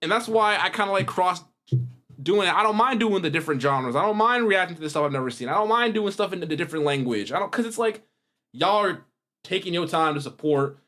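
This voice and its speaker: A man's voice: sits high, brisk. A young man hosting a reaction video, talking casually to his viewers in a rambling, slangy way. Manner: rambling, slangy, animated with wide swings in loudness.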